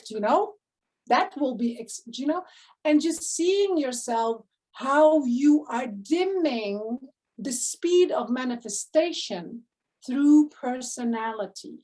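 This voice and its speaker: A woman coach giving an enthusiastic motivational live talk to her online community, effusive, with sudden gasps and quick swings between loud and hushed. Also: fairly high pitch. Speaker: spiritual abundance coach.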